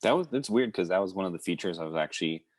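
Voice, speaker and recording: Brief: young male guest, very low voice, dry close sound, laid-back chat. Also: expressive, racing, dry recording. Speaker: podcast guest. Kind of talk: casual chat.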